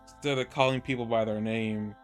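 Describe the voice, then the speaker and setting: A man of middle pitch talks through an anime episode in a loose, rambling way, circling back and restarting his points. Soft music sits faintly behind his voice. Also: fairly even intonation, brisk. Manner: rambling, many restarts, laughs easily. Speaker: podcast co-host. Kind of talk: casual anime review chat.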